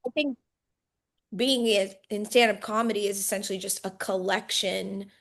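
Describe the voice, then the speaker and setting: A woman's voice: medium pitch, steady tone, normal speed, a bit bright. A young woman who is a stand-up comedian, a guest on a podcast, chatting casually and laughing often, with lots of "like". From India. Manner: chatty, laughs a lot, fills with "like". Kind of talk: casual chat.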